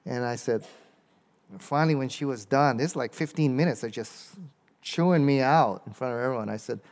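Man lecturing casually, reading verses aloud. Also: medium pitch. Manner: conversational, keeps checking in with "okay?" and reads verses aloud slowly. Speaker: speaker teaching a church audience about Quran passages. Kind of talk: informal lecture with audience questions.

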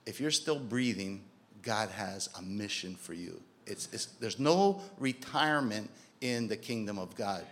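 A man's voice: on the low side, normal speed, a bit bright. A man preaching a sermon in a conversational way, asking rhetorical questions and acting out quotes. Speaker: pastor.

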